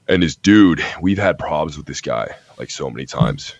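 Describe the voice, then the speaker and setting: Man, very low voice, boastful casual storytelling, dry dull recording. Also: expressive, normal speed, gravelly, no echo. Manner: brash, profane, boastful storytelling. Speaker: podcast host.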